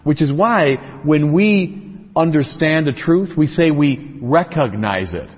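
Husky-voiced man lecturing in an echoey hall. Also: fairly high pitch, lively intonation, slow. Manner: explanatory, builds points in lists and rhetorical questions. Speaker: speaker on religion. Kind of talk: lecture-style religious talk. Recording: echoey, dull lo-fi recording.

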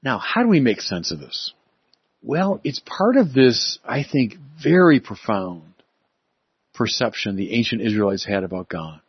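Male preacher, husky voice, emphatic sermon delivery, dry and slightly muffled recording. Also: medium pitch, very animated, no echo. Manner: emphatic, rising for stress and slowing on key words.

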